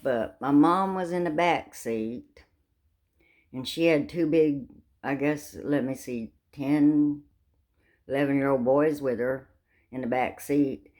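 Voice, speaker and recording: A woman's voice: a bass voice, takes it slowly, a little mellow. An older woman telling a funny family story in a folksy way, with sound effects. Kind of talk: casual storytelling.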